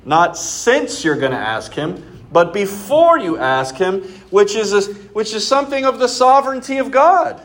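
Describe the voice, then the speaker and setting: A man's voice: high-pitched, big pitch swings, measured pace, fairly bright tone. A man preaching a sermon as pastor, conversational and emphatic, posing rhetorical questions to his congregation.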